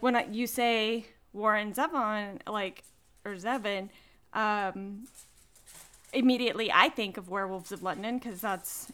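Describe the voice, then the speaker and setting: A woman co-hosting a podcast, telling the story behind a song in a rambling, relaxed way. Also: medium pitch, clean tone. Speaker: podcast co-host. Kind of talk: casual chat about songs.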